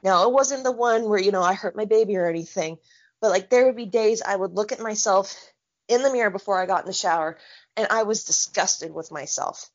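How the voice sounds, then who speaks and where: A woman in her thirties co-hosts a casual podcast chat, ranting heatedly, speaking bluntly and swearing a lot. Her voice sits at a medium pitch and moves briskly, and the recording has a dull, lo-fi sound.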